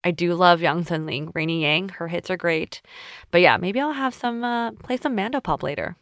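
A woman's voice: fairly low pitch, normal speed, fairly bright tone. A woman hosting her own podcast, chatting casually and reflectively and often using "like" as a filler. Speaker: podcast host.

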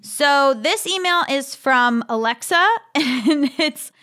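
A woman's voice: high voice, animated, slow, sharp tone. A woman in her thirties hosting a podcast, chatting casually and reading listener emails aloud with amused laughs. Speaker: podcast host.

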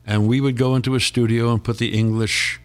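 A man's voice: medium pitch, level tone, brisk, faint music behind. An older man, a guest actor, reminiscing in a casual interview, rambling through stories and chuckling often.

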